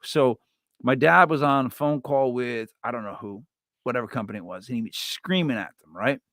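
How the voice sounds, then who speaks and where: A man hosting a live stream, chatting casually and telling stories with lots of restarts and sudden loud yells. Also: mid-range voice, brisk, no room sound, studio quality. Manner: rambling storyteller with many restarts, bursts into loud yells. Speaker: livestream host.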